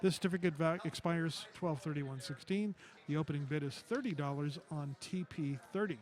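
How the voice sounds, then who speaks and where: A man with a slightly high voice reads out auction items for a live television broadcast. His delivery is steady and matter-of-fact as he gives each item's value and opening bid. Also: normal speed. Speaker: auction item announcer. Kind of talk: reading item descriptions.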